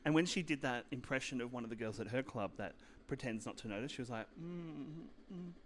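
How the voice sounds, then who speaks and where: A man co-hosting a podcast, chatty and quick to laugh along as he recaps a TV show. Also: medium pitch, slight background noise. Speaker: podcast co-host. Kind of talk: casual chat recapping a TV show.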